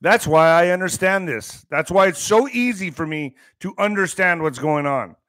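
A man's voice: sits high, expressive, moderate pace, fairly bright tone, no room sound, clean studio sound. A middle-aged man giving emphatic, sarcastic commentary as a podcast host, swearing as he reads out and mocks the news. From US border region. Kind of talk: ranting commentary reading news.

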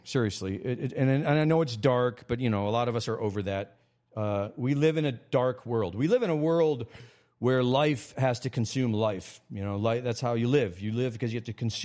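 An American man hosts a casual livestream monologue, rambling with frequent restarts and abrupt jumps in pitch. His voice is a little mellow.

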